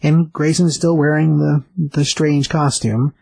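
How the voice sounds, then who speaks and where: Gravelly, husky man retelling comics. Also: a little high, little pitch movement, a little slow, a little mellow, no echo, rough recording. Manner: loose and chatty, with many fillers and restarts. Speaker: comic book recap host. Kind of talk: casual retelling of a comic story.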